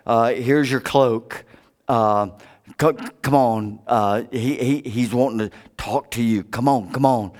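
A man's voice: medium pitch, a little mellow, voice pushed down, close to an everyday voice. A man voicing flustered townspeople who stammer and hurry their words. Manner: stammering, hurried.

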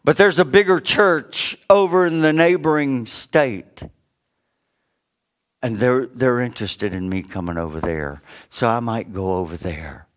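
A preacher doing a desperate poor pastor. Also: male voice, mid-range voice, lively intonation, unhurried, close to an everyday voice. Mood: dejected. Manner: pleading, subdued. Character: weary, desperate poor small-town male pastor.

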